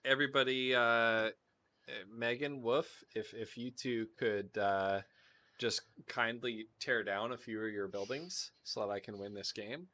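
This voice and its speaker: A man's voice: medium pitch, unhurried, sharp tone. A man streaming a tabletop game, joking around, laughing and talking to his chat. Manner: joking, giggly, talks to chat. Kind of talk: casual live-stream chat.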